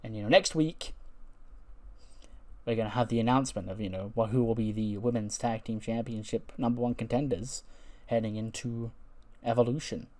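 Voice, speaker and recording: A man's voice: medium pitch, moderate pace, mellow. A man casually narrating a wrestling management game, rambling with plenty of fillers. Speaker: game commentator.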